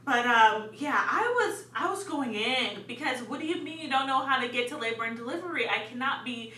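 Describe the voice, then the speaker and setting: A young woman telling a story in a casual, animated way, laughing often and dramatizing events. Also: a little high, a little fast. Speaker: vlogger. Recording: echoey room, distant mic, faint hum.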